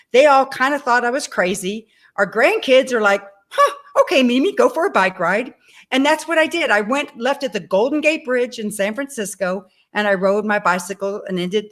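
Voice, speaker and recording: Animated woman in her sixties telling stories. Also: fairly high pitch. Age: 60s. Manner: addresses the audience directly. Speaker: guest. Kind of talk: personal storytelling.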